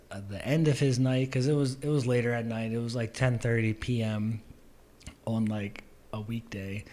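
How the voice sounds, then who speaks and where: A man's voice: medium pitch, darkish tone. A young man hosting his own podcast, telling a story in a laid-back, rambling way with lots of fillers and restarts. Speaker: podcast host. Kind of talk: casual storytelling monologue.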